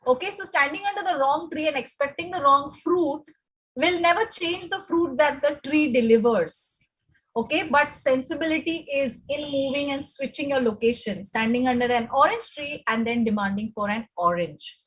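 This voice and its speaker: A woman's voice: sits high, moderate pace, fairly bright tone, rough recording. A woman with an Indian English accent giving a conversational classroom lecture, often checking in with "okay?". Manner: conversational, asks the audience, frequent "okay?".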